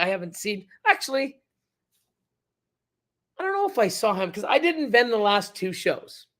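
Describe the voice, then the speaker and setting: A high, fairly bright male voice belongs to a middle-aged reptile breeder hosting a casual livestream. While reading through the chat, he wanders with many fillers and restarts.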